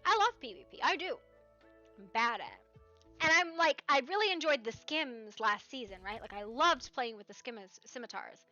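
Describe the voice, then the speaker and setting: A woman streamer chatting casually about a roleplay game, rambling and animated, often tagging "right?" onto her points. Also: sits high, normal speed. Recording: slightly dull stream mic with faint music.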